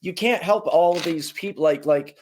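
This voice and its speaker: Male podcast guest, casual storyteller, slightly high pitch, acts out the people he talks about. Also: normal speed, slight background noise. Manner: animated, does voices of people in his stories.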